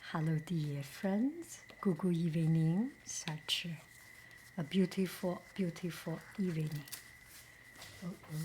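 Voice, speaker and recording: Very slow, soft-spoken woman. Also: on the low side, slight background noise, poor audio. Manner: slow, gentle, often whispering, easily moved. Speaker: vlogger opening fan mail. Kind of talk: soft-spoken unboxing vlog.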